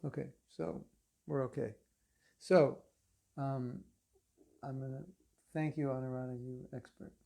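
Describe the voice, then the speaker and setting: Gravelly animated male spiritual teacher. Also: medium pitch, unhurried, pauses often. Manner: animated storytelling, conversational with fillers. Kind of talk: lecture to an online class.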